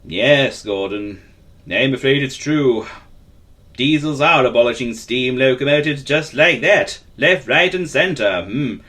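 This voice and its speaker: A man's voice: medium pitch, measured pace. A man doing a solemn, murmuring railway boss. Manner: gentle, murmuring hmm. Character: stout kindly male railway boss, solemn and soothing.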